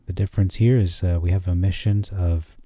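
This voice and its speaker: Deep, dark-voiced man commenting on scripture. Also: fairly even intonation, dry recording. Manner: reads verses slowly and deliberately, then comments dryly. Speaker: channel host. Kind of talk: screen-share scripture commentary.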